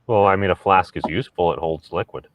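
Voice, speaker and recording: Man, very low voice, wry and teasing, dry, muffled. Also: fast, no room sound. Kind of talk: casual chat.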